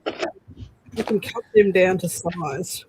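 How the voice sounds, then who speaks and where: A woman's voice: fairly low pitch, slow pace, darkish tone, a little hiss or hum, low-quality recording. A woman chatting casually, passing on practical crafting tips. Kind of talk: casual chat.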